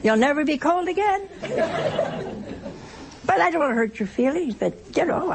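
A woman's voice: sits high, animated, moderate pace, gravelly, pauses often, noisy background. An older woman preaching a sermon in a homespun, teasing way, asking rhetorical questions and acting out little everyday scenes. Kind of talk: sermon on works of mercy.

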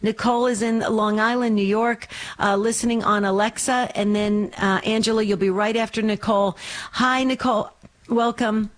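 A woman's voice: on the high side, fairly even intonation, normal speed. A woman hosting a call-in radio show, encouraging and affirming toward her callers.

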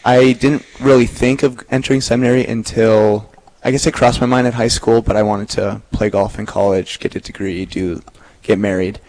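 A young man in his twenties, a seminarian guest, talking about himself in a relaxed, easygoing way in an interview. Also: fairly low pitch, moderate pace, few pauses, rough recording. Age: 20s. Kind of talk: casual interview chat.

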